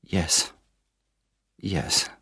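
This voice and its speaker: A man voicing a lively young German woman, speaking lightly and hesitantly in a storybook. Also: extremely slow, dry recording, clean studio sound.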